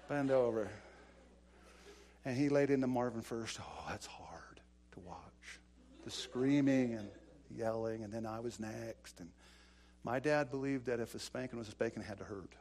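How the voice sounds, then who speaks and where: A preacher tells a childhood story with plenty of energy, dropping to a hush on some lines and rising on others. His voice is gravelly and sits at an average pitch. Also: normal speed, slight background noise. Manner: animated storytelling that swings from hushed to loud. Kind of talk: storytelling sermon.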